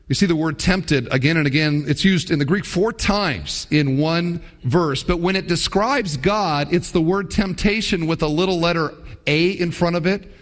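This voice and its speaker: A man's voice: high voice, big-room sound. A man preaching a sermon as a pastor, talking animatedly and acting out the quoted voices.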